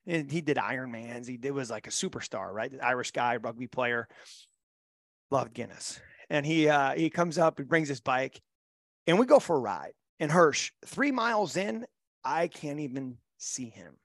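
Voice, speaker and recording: A man's voice: mid-range voice, lively intonation, normal speed, fairly bright tone, dry recording, studio quality. A middle-aged man and mental performance coach, telling stories in a podcast interview with a blunt, emphatic, motivational manner.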